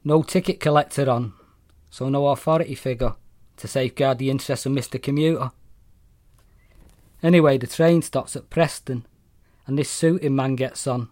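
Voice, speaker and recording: A man's voice: medium pitch, moderate pace, pauses often, no room sound, clean studio sound. Blunt, wry Mancunian man reading. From Manchester, England. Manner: blunt, profane, wry, deadpan. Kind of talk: short story read aloud.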